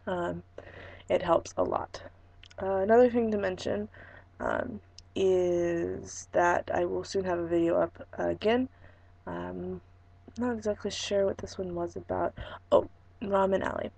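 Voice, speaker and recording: Hoarse young woman vlogger, low and gravelly, rambling with plenty of ums. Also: mellow, no room sound, poor audio. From Fresno, California. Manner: rambling, lots of ums and restarts. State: hoarse, losing her voice. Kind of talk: casual vlog chat.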